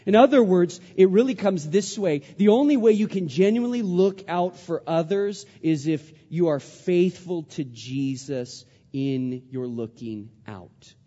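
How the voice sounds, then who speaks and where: A man's voice: high-pitched, unhurried, hardly any pauses. Man preaching a sermon in a dim, echoing hall. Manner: animated preaching, drops to a hush for stories. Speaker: pastor. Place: church hall. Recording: dull sound with long hall reverb.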